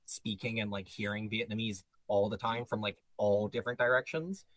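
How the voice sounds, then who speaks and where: A man, a band member, chatting casually in an interview, animated, laughing often and jumping up high on exclamations. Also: moderate pace, no room sound, rough recording.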